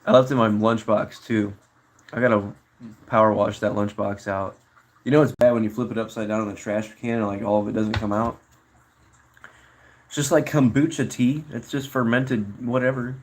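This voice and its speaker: A man's voice: fairly low pitch, steady tone, normal speed. A young man casually chatting on a live stream, reading chat messages aloud and answering them in a laid-back way.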